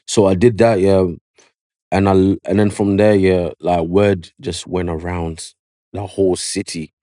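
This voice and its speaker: A man with a London accent, a barber telling his story in a casual podcast interview, slangy and animated, full of "yeah" and "you know what I mean". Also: sits low, a little slow, no room sound, clean studio sound. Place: podcast studio.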